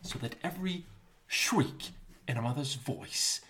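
Hero swordsman, young, quietly menacing; a man reenacting him. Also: lively intonation, slight background noise. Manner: low, hushed, slow menace. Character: grim young male swordsman, cold and menacing.

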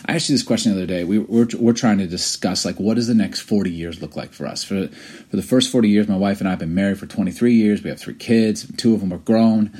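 A man's voice: lowish voice, fast, a little mellow, husky. A man in his forties co-hosting a podcast, telling stories in an earnest, reflective way. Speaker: podcast co-host. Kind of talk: casual chat.

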